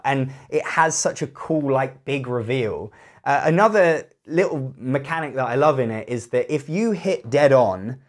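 Man, croaky voice, casual game review, chatty, animated, acts out friends' remarks. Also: mid-range voice.

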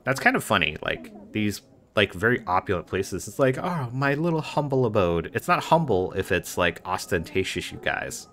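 Low-voiced man musing over a game. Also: sing-song, normal speed, fairly bright tone. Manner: musing, thinking aloud, with fillers and little laughs. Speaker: let's play host. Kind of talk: casual gameplay commentary. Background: game music.

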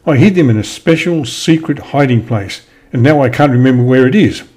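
A man voicing an excitable young female squirrel in a storybook, high and fretful. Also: natural voice. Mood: upset. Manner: high and fretful, quick to wail.

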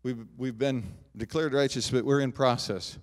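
Brief: middle-aged male pastor, mid-pitched voice, animated sermon delivery with loud peaks and hushed asides. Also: normal speed. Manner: animated preaching, rising loud on emphatic lines, dropping soft on personal asides. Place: church sanctuary.

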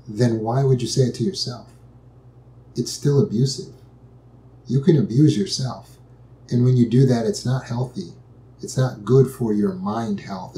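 A man calmly and patiently teaching a step-by-step method for overcoming anxiety, repeating key phrases as he explains. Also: mid-range voice. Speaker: anxiety and trauma recovery teacher. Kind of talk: instructional talk. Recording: echoey room.

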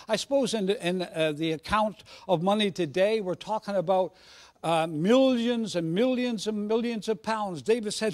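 A man's voice: high voice, lively intonation, moderate pace. A man preaching a sermon in a jovial, conversational way with frequent restarts. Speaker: guest preacher.

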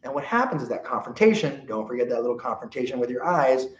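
Animated man teaching dog training. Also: mid-range voice, fast. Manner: animated, checks in often with okay and right. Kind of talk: live training seminar. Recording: roomy, dull lo-fi sound.

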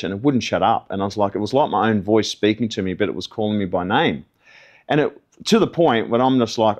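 A man's voice: lowish voice, fairly quick. Earnest man telling his story. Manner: earnest, conversational storytelling with acted quotes. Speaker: testimony guest. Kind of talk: personal testimony.

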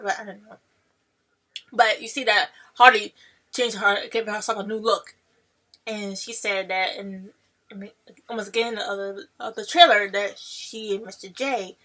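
Gushing, excitable woman reacting. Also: medium pitch. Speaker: trailer reaction vlogger.

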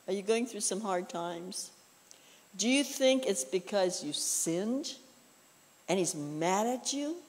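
Speaking at a medium pitch and taking her time, this woman preacher tells personal stories in a relaxed, conversational church sermon. She has a homey, easygoing manner and keeps slipping in "you know," while her words trail away into lingering reverb.

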